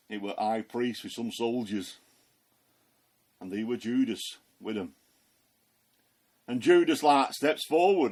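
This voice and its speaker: A man playing the apostle Peter, retelling the story in a chatty, folksy voice full of fillers. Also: mid-range voice. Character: the apostle Peter, plain-spoken working fisherman. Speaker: Christian ministry performer. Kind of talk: first-person storytelling monologue.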